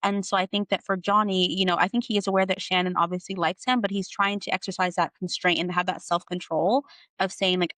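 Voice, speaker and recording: A woman's voice: lowish voice, flat delivery, fairly quick, a bit bright, dry recording, low-quality recording. A woman hosting a podcast, recapping a novel in an analytical way with many "like" and "you know" fillers. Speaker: podcast host. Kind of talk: book recap discussion.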